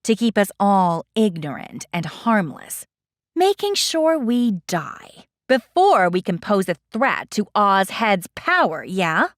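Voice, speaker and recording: A woman's voice: medium pitch, big pitch swings, slow pace, no room sound, clean studio sound. A woman voicing an angry, defiant female teacher in an audiobook, sarcastic and biting. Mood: scornful. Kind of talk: audiobook character voice.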